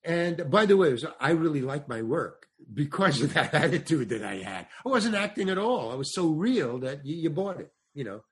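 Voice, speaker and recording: A little high and husky, the older stand-up comic and actor's voice makes big pitch swings while he moves at a moderate pace with hardly any pauses. He's a rambling podcast guest telling a long anecdote, performing quoted dialogue and often beginning sentences again.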